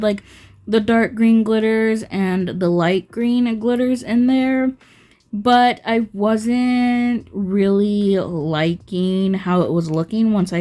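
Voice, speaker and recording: In a casual nail art tutorial, a woman talks slowly and loosely, filling gaps with "um" and "like." Her mid-range voice has a darkish tone.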